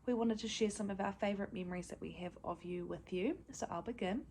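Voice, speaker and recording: A woman's voice: mid-range voice, fast, darkish tone, a little hiss or hum. A woman, giving a fond family tribute message with small fillers. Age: 20s. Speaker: granddaughter and mother.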